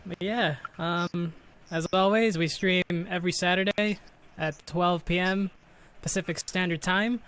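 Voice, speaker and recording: Male co-host, high and bright, giggly and brief, casual stream chat. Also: fairly even intonation, measured pace, clear, resonant tone.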